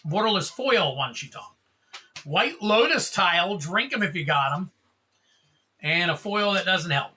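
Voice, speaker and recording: Chatty man opening card packs, bright voice. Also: sits high, expressive, unhurried, breathy edge. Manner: rambling, jokey, calls out cards as he opens them. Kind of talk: casual livestream chat.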